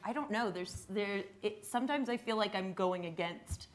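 Female panelist, candid and self-deprecating, quick to laugh. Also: mid-range voice. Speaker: actress panelist.

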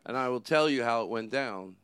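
A man's voice: medium pitch, lively intonation, brisk, a bit bright, clean tone, dry recording. A man hosting a podcast from his studio, chatting in a loose, joking, rambling way. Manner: playful, rambling, jokey asides. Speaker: podcast host. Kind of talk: casual comedic banter.

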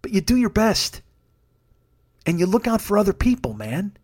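A man's voice: high-pitched, sing-song, moderate pace, a little mellow. A man hosting a comedy podcast alone, ranting heatedly and swearing constantly, then rambling through thanks to his crew. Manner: rambling, self-deprecating. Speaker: podcast host. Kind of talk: solo comedy podcast rant.

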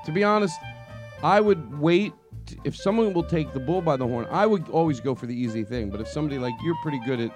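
A man's voice: a little high, lively intonation, quick pace, a little mellow, faint music behind. A man co-hosting a comedy podcast, steering the chat in casual banter. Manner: bossy, keeps steering the group. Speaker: podcast co-host.

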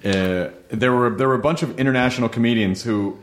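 A man's voice: medium pitch, fairly quick. A man hosting a podcast, loose and casual, swearing freely and asking long, winding questions. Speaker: podcast host.

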